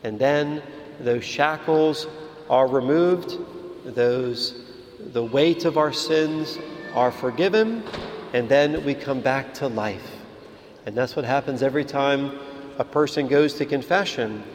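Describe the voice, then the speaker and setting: A man, a priest, giving a calm, measured sermon in a church. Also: medium pitch, a little hiss or hum. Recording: reverberant hall with faint ambience.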